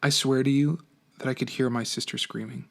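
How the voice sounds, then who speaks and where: A man, a teacher, reading a novel aloud for his class, with an expressive, animated first-person delivery. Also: medium pitch, brisk, vocal fry.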